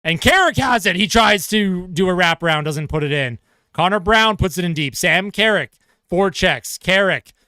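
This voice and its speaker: A man giving live play-by-play of a hockey game as a fan commentator, excitable and quick to shout. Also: sits high, smooth, dry recording, studio quality. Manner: excitable, shouts on goals, laughs at himself.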